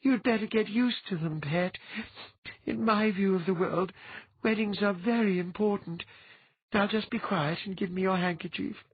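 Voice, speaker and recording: A man voicing a teasing, imperious woman who is fond and sentimental, with a husky sound. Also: sits high, moderate pace, no echo, narrow, tinny audio, voice pushed up.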